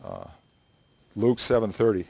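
A man's voice: on the low side, huge pitch swings, a little slow, gravelly, a little mellow. Earnest male preacher. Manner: earnest, emphatic preaching with repeated phrases. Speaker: pastor. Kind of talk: sermon.

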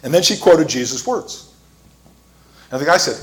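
A man preaching a sermon, telling a story with fillers and restarts and getting louder as he retells scenes. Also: a little high, lively intonation, normal speed. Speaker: pastor.

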